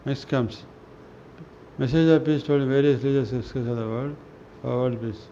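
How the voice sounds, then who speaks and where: A man reading spiritual scripture aloud in a slow, halting way, often restarting words and clearing his throat. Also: mid-range voice, fairly even intonation, mellow. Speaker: reader of a spiritual newsletter. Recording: dull lo-fi recording with faint noise.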